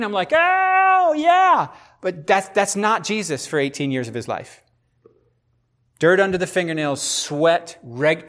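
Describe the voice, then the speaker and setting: A man hosting a podcast, talking in a casual devotional way, animated and speculative, often repeating himself for emphasis. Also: medium pitch. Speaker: podcast host.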